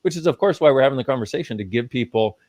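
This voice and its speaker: A man's voice: medium pitch, expressive, racing, a little mellow, no echo. A man speaking as a guest in a live conversation, teaching with emphasis and casual swearing.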